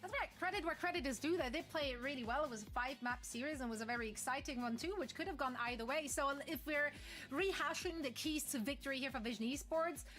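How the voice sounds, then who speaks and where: A woman with a high voice works as an esports caster, breaking down the teams in a chatty, joking manner. Soft music plays under her commentary on the broadcast. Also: quick pace.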